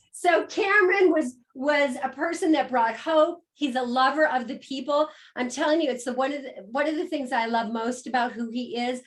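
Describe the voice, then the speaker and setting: A woman with a high voice hosts a video call. She speaks with emphatic, heartfelt warmth and stacks repeated phrases to build her point. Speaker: host. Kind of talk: enthusiastic introduction on a call.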